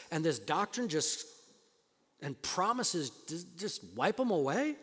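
A man preaching a sermon as pastor, swinging between loud emphatic declarations and quiet, conversational asides with fillers and restarts. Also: sits high, very animated, measured pace, in a large hall.

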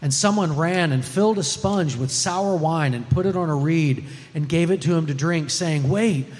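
A man reads scripture aloud with measured, solemn care, as in a church service. His voice sits a little high for a man. A long reverb trails each phrase. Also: darkish tone. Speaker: scripture reader. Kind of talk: liturgical scripture reading.

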